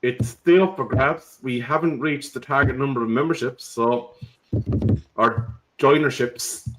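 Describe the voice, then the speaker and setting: A man's voice: medium pitch, unhurried, a bit bright, rough recording. A man, hosting a casual live stream in a chatty, joking way and reading out viewer comments.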